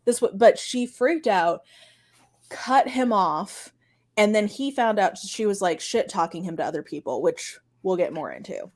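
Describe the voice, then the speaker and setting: A woman co-hosting a podcast, recounting a story in a quick, chatty way with lots of filler words. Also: mid-range voice, lively intonation, darkish tone. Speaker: podcast co-host. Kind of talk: casual storytelling chat.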